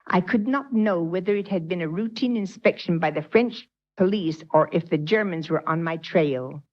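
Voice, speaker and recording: A woman, a spiritual teacher, reads a story aloud to her class and breaks off to quiz her listeners. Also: on the low side. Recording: dull lo-fi 1980s tape.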